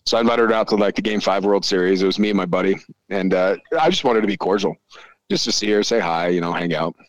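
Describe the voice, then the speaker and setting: Man, 40s, podcast guest; foul-mouthed, lively storyteller, slightly low pitch. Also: quick pace, no room sound. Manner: profane, animated storyteller. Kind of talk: casual chat, storytelling.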